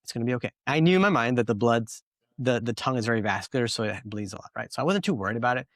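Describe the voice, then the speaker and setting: A man's voice: mid-range voice, expressive, racing, dry recording, clean studio sound. A man hosting a podcast, telling a story in a rambling, casual way full of fillers. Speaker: podcast host.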